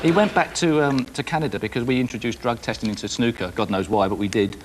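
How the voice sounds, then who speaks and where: A man's voice: mid-range voice, quick pace, slight background noise. A male guest on a panel show, telling a story earnestly with hesitant fillers.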